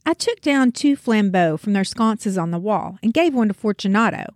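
A woman retelling a classic story in a theatrical, expressive way. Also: mid-range voice, no echo, studio quality.

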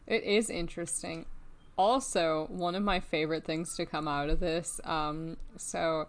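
Chatty, excitable woman with a lowish voice. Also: a little slow. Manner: chatty and excitable, laughs often. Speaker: podcast co-host. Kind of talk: casual chat.

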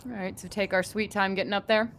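A woman playing a tabletop game, teasing the others in quick banter. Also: medium pitch, level tone, fairly bright tone, a little hiss or hum. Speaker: player. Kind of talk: tabletop game play chat.

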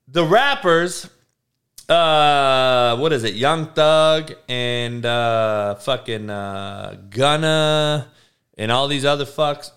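A middle-aged man rants with blunt sarcasm and constant profanity. His pitch swings widely, but he takes his time, stumbling over repeated words before pushing on. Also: a bit bright, clear, resonant tone. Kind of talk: profane rant.

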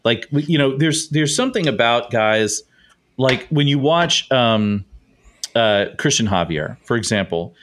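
A man hosting a casual sports podcast, excitable and often laughing. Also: mid-range voice, measured pace, slight background noise. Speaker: podcast host.

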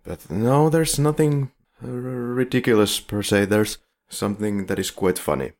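A man's voice: lowish voice, a little slow, darkish tone. A man co-hosting a film podcast in casual chat, wry and leading the questions. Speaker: podcast co-host.

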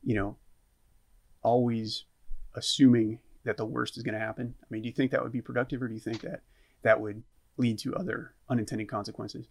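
A man's voice: medium pitch, fairly even intonation, a little fast, creaky, darkish tone. A man interviewing a guest, asking long, probing questions in a casual conversation.

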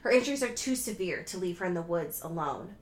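A woman's voice: lowish voice, lively intonation, fast, roomy sound, voice pushed down, close to an everyday voice. A woman reading as a dutiful male superhero. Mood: earnest.

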